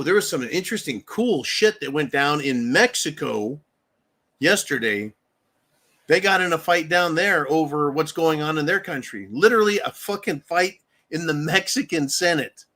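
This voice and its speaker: A man's voice: fairly high pitch, sharp tone. A man hosting a profane political rant, angry and mocking, with frequent swearing. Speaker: political commentary host.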